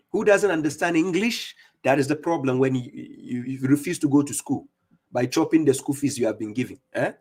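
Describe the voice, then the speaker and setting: A man giving scolding religious commentary on a live stream, mocking opponents and reading verses slowly. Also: a little high. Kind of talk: preaching commentary on played clips.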